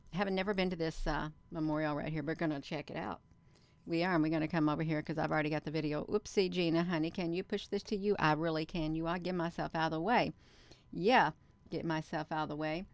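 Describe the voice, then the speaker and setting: Chatty woman livestreaming, smooth low voice. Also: no room sound. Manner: chatty, often addresses viewers as "you all", talks to herself. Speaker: livestream host. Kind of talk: casual livestream commentary.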